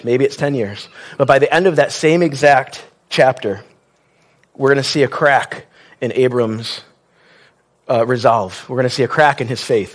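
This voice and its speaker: A man preaching a sermon in a conversational style, with wry asides and questions to the congregation. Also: mid-range voice.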